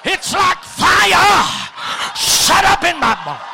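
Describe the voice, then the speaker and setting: A man preaching a shouted revival sermon, calling out to the congregation in a church. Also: very high-pitched, very animated, slow pace, creaky, slight background noise. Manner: shouting call-and-response with the congregation. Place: church hall before a congregation.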